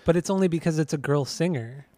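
A man's voice: on the high side, quick pace, dark tone, no room sound. A man hosting a podcast in casual chat, teasing his co-host and laughing easily. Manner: easygoing, teasing, laughs often.

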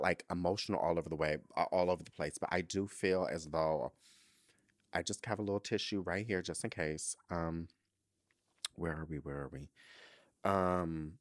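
A man's voice: lowish voice, no echo, studio quality. A man hosting a podcast, reading out a listener letter and reacting with emotional, dramatic asides. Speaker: podcast host.

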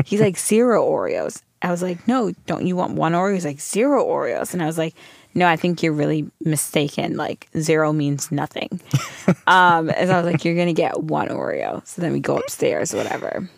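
Young mom chatting on a podcast, low gravelly voice, dry close sound, acts out her kid's lines. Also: moderate pace, dry recording. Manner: animated storytelling, acting out a toddler's lines. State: pregnant. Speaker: podcast co-host. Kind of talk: casual chat.

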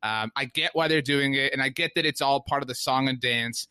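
A man's voice: medium pitch, fairly quick, sharp tone, smooth, dry recording. A man co-hosting a sports podcast in a rambling, casual way with many fillers. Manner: rambling, many fillers, mimics players in quotes. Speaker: podcast co-host.

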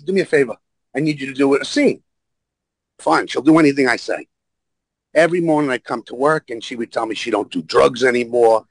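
A man's voice: mid-range voice, no room sound, low-quality recording. A man guest telling blunt, profane stories and acting out the other people in them. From New York. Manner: blunt, profane, acts out voices in his stories. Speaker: podcast guest storyteller. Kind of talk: animated anecdote telling.

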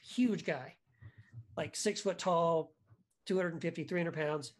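A man guest on a podcast, telling a story in a casual, animated way, full of restarts and "right?" asides. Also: a little high, a little slow. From United States.

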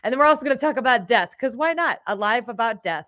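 Laughing, animated woman hosting a live show. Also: fairly high pitch. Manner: laughs often, animated, quick restarts. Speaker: podcast host. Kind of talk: casual live-stream chat.

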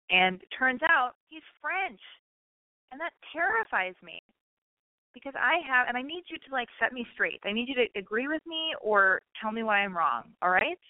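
Very animated and at a moderate pace, this mid-range American woman in her thirties hosts a rambling podcast monologue. She has a slight lisp, curses freely and is self-deprecating, and the dry audio sounds tinny, like a phone.

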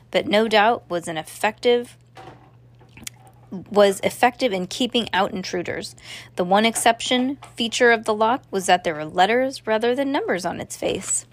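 A woman narrating a children's story aloud, steady, with small restarts. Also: fairly high pitch. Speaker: reader.

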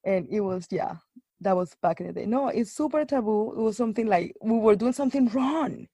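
A woman's voice: on the high side, fairly quick, no room sound. Chatty woman with dry close sound. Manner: animated storytelling, many fillers and restarts. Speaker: guest. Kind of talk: casual chat.

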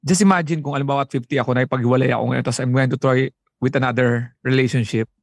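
A man with a Filipino accent co-hosting a call-in show, animated and jokey in casual chat. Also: medium pitch, creaky, dry recording, studio quality. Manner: animated, jokey, talks in quick bursts. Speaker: co-host. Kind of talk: casual chat, mixing Tagalog and English.

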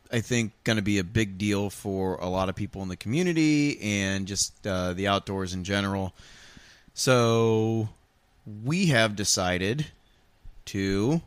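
Man, podcast co-host, casual chat, rambling, lowish voice. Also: takes it slowly, clean tone, dry recording. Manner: loose and rambling, with fillers.

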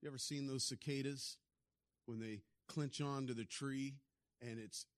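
A man preaching a sermon, telling stories and acting out the people in them, often swinging from quiet to loud. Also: medium pitch, steady tone, a little slow, dry recording. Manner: storytelling, acts out voices with big swings in loudness.

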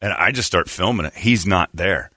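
A male radio host tells a long story in a loose, chatty way and slips into the voices of the people he quotes. His voice sits low but sounds bright, and the sound is dry and close. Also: normal speed, no room sound. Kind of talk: casual storytelling chat.

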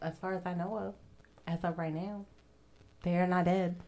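A woman's voice: lowish voice, fairly even intonation, normal speed, darkish tone. A young woman hosting a podcast, chatting casually and profanely about history, laughing often and acting out what people said. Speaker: podcast host. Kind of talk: casual true-crime history chat.

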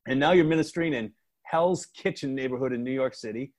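A man's voice: mid-range voice, quick pace, a little mellow. Enthusiastic male podcast host. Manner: enthusiastic, friendly, chatty. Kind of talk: podcast interview conversation.

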